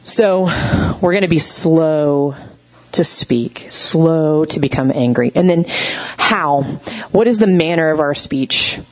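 A woman speaks in a relaxed, conversational teaching style, full of fillers and lively storytelling. Her voice sits somewhat low for a woman. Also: slow, rough recording. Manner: chatty, heavy on fillers, animated storytelling. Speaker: speaker teaching on gentle communication. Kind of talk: casual teaching talk.

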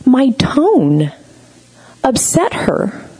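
Chatty woman with a lowish voice. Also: a little slow, rough recording. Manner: chatty, heavy on fillers, animated storytelling. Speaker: speaker teaching on gentle communication. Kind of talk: casual teaching talk.

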